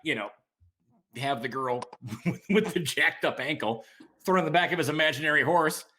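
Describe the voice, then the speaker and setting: A man hosting a casual podcast chat, animated and quick, often repeating his words. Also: on the high side. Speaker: podcast host.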